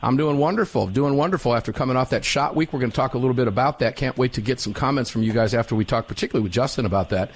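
Middle-aged guy hosting talk radio, fired up and folksy, stretches words out, mid-pitched voice. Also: rapid-fire, hardly any pauses. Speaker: radio talk show host.

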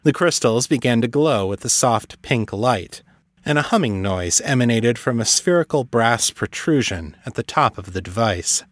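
A man narrating a fantasy story in a measured, even way. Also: medium pitch, no room sound, studio quality. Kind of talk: scripted audiobook narration.

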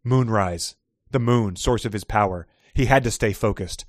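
A man's voice: fairly low pitch, normal speed, no room sound. Male podcast host, dry close mic, reads prose dramatically, laughs easily. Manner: reads passages expressively, laughs often. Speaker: podcast host reading excerpts. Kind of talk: casual chat with dramatic readings.

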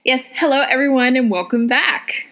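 A woman co-hosting a podcast in casual chat, excitable and quick to laugh, swearing freely. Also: high-pitched. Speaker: podcast co-host.

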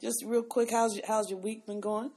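An upbeat woman hosts a podcast in casual chat. Her voice sits a little high, and she repeats words as she goes. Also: flat delivery, normal speed, warm tone, slight background noise. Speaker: podcast host.

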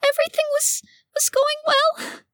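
A tearful timid bird creature. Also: female voice, little pitch movement, bright, forceful tone, no room sound, full character voice. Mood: tearful, pleading. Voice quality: very high, quavering. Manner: pleading, halting.

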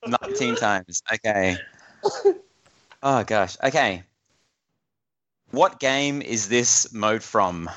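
A man's voice: lowish voice, slow, long pauses, muffled recording, a crowd in the background. Laughing man hosting a pinball quiz. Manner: laughs often while reading questions. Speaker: quiz host. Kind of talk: casual podcast quiz.

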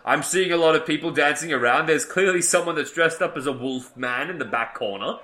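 Exasperated high-voiced man in a comedy bit. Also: brisk, sharp tone. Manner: exasperated, dry, laughing through lines. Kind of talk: improvised comedy sketch.

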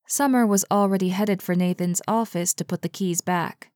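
A woman narrating a story aloud in a slow, deliberate way. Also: lowish voice, a little mellow, no room sound, studio quality.

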